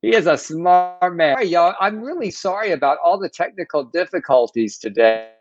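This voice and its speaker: A man co-hosting a live internet show, speaking in halting, laughing bursts. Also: high-pitched, expressive, highs cut off, soft background music. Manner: warm, laughing, halting speech. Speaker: co-host. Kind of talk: casual live internet chat.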